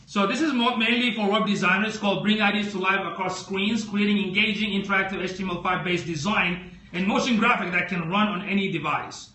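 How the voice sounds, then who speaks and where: High, sharp-voiced chatty man. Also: fairly quick, hardly any pauses. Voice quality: squeaky voice. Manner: chatty, addresses viewers directly, asks many questions. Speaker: live stream host. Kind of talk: casual live tech walkthrough.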